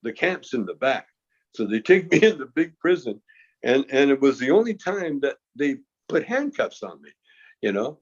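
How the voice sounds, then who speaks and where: Sing-song and medium-pitched at normal speed, a male guest casually works through a long story. He often chuckles and stammers, going back to restart what he was saying. Sound quality is dull lo-fi.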